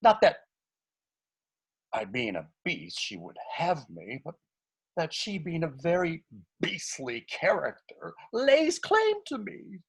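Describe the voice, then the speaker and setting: A man's voice: on the high side, slow, slightly rough, heavily acted. An actor reading a frantic comic male servant in a live online Shakespeare scene, talking over a video call. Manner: excitable, wildly swooping delivery.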